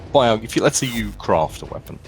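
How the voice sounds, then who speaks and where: A man's voice: on the low side, sing-song, fast talker, soft background music. A man co-hosting a gaming livestream, explaining the game in a chatty, casual way. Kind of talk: casual gaming stream chat.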